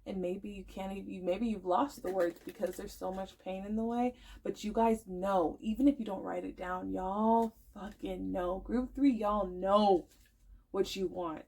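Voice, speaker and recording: A woman's voice: medium pitch, fairly even intonation, normal speed, creaky, hardly any pauses, mellow, breathy edge. Woman tarot reader, casual and chatty, emotional and encouraging, emphatic delivery. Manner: chatty, emphatic, full of "like" and "y'all". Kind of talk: casual pick-a-card tarot reading.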